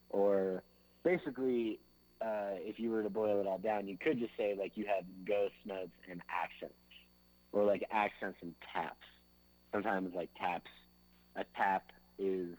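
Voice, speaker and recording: In a casual interview captured on a low-quality recording, a drummer with a lowish voice talks in a loose, rambling way. He fills his speech with "like" and "you know," sometimes singing drum beats with his mouth.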